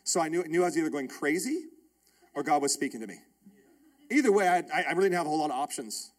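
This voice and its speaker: Talking fast in a fairly high voice, a pastor in his thirties tells a personal story that forms the backbone of his sermon. He's animated and emphatic, and he keeps repeating phrases.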